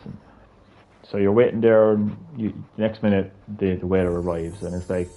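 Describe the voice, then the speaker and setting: A man's voice: deep voice, steady tone, moderate pace, highs cut off. Rambling Irish man streaming games. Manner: rambling, swears casually, many restarts. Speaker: gaming livestreamer. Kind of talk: casual livestream chat.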